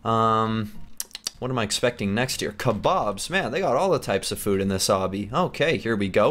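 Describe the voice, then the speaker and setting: A young man hosting a gaming channel, excitably commenting as he plays, yelping and laughing at close calls. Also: fairly low pitch, normal speed. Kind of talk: playing a game with commentary.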